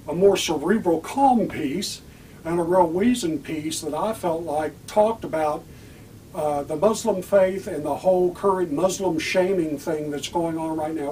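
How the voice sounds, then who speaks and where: A man's voice: on the high side, a little mellow, recorded from a distance, a little hiss or hum, low-quality recording. A man hosting a political talk show, speaking in a heated, emphatic way and returning to his key words. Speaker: podcast host.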